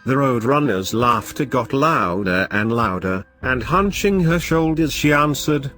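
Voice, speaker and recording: A man narrating a scripted horror story in a dramatic, measured voice. His pitch rises and falls with lively movement. A faint music bed plays under him.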